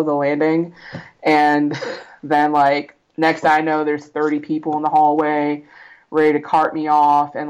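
A woman's voice: lowish voice, poor audio. A woman guest on a podcast, telling a personal story in a blunt, profane way, often laughing and acting out what others said.

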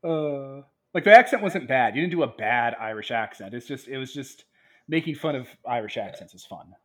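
A man's voice: mid-range voice, animated, moderate pace, a bit bright. A man co-hosting a tabletop game podcast, chatting casually, rambling with many restarts and frequent laughs. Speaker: podcast co-host, game master.

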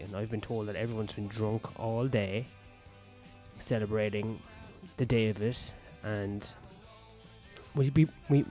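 Profane joking man, low mellow voice. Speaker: stand-up comedian. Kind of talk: casual rambling vlog. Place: outdoor back patio.

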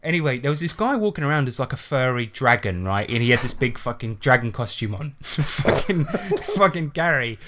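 A man hosts a podcast in loose, casual chat. He tells long rambling stories, restarts his sentences often and swears freely. His voice sits at an ordinary male pitch. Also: lively intonation, fairly quick, hardly any pauses, a bit bright, slight background noise. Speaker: podcast host.

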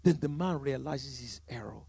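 A male pastor preaching a sermon, swinging from loud exclamations to hushed storytelling. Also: medium pitch, moderate pace, vocal fry, husky, dry recording.

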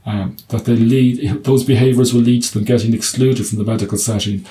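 A man's voice: medium pitch, fairly even intonation, fairly quick, mellow, slight background noise. A middle-aged man, a clinic doctor answering interview questions, stumbling over restarts and telling anecdotes with humour. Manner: hesitant restarts, anecdotes with quoted dialogue and humour.

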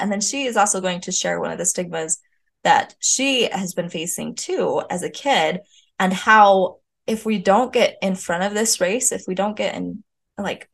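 Earnest woman parenting host. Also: mid-range voice. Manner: earnest, candid, with frequent ums and restarts. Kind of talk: personal storytelling monologue.

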